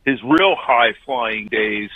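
A man's voice: medium pitch, slow pace, breathy edge, no echo. A man in his sixties calling in to a sports radio show, reminiscing in a rambling way. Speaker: caller. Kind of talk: call-in chat. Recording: tinny phone line.

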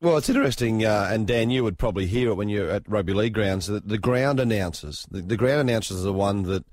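Australian male co-host, low voice, easy laughs. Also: fast, a little mellow, no room sound, studio quality. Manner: easygoing, laughing often. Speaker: rugby pundit. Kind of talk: casual radio chat.

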